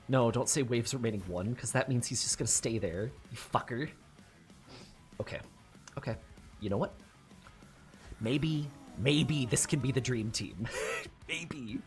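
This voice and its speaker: A man's voice: medium pitch, expressive, unhurried, long pauses, faint music behind. A man giving casual let's-play commentary on a card game, swearing often and laughing at his own mistakes in frustration. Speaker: gamer playing a card game.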